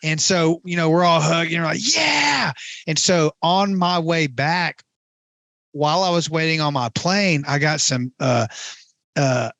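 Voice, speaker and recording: An enthusiastic man telling stories in a casual podcast chat, his voice sitting a little higher than most. The recording is close and dry, with no room around him. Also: fairly even intonation, a bit bright, dry recording. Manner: enthusiastic storyteller, quick laughs. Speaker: videographer and regular guest.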